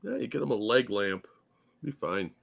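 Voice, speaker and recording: A man's voice: lowish voice, very animated, moderate pace, gravelly. A man co-hosting a casual political talk stream, blunt and profane as he rants.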